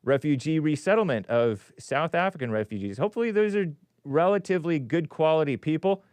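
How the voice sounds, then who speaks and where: A man's voice: a little high, lively intonation, brisk, darkish tone, clean tone, no echo. A man hosting a call-in show, reading news aloud with sarcastic, rambling asides and chuckles. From California. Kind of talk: casual live-stream commentary.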